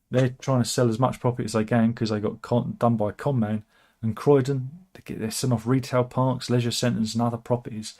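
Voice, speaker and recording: A man with a medium-pitched, darkish voice hosts a satirical news channel. His commentary on news stories is casual, wry and rambling, full of asides and restarts.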